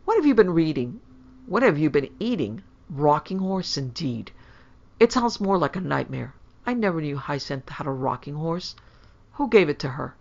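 A brusque, scornful husband who snaps and jeers, as a woman reading the story puts him on. The voice is gravelly with a creaky edge. The sound is a little dull and lo-fi. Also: low-pitched, moderate pace, a bit bright. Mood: angry. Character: angry, jeering husband, adult man.

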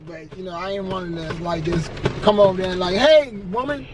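A man's voice: sits high, little pitch movement, fast, heavy background noise. A man talking casually and chatting in a laid-back way.

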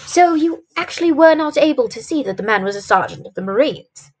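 A woman's voice: high-pitched, animated, fairly quick, darkish tone, pitched above the performer's own voice. Woman reading as a conceited, sardonic detective. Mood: explaining. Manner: sardonic, boastful. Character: conceited brilliant male detective, brusque.

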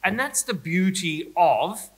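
A man's voice: high-pitched, expressive, slow pace, breathy edge, low-quality recording. A man with an Australian accent giving a humorous, chatty keynote talk to educators, teasing the audience and himself. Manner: playful, self-mocking, chatty with the audience. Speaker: keynote speaker at an educators conference. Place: school hall, live audience.

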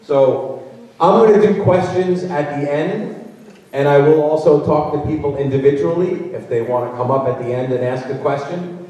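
A man speaking to parents in a big school auditorium, his voice mellow and a bit high. He talks in a chatty, conversational way, acting out what students and coaches might say. The sound is distant and very echoey, with a long hall reverb. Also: normal speed. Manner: conversational, acts out hypothetical quotes. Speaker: college recruiting speaker. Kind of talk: workshop presentation. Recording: roomy hall, distant mic.

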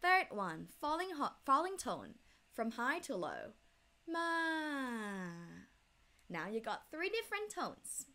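A woman's voice: a little high, huge pitch swings, unhurried, sharp tone. A woman with a Thai accent teaching a language lesson step by step, demonstrating tones by drawing out single syllables.

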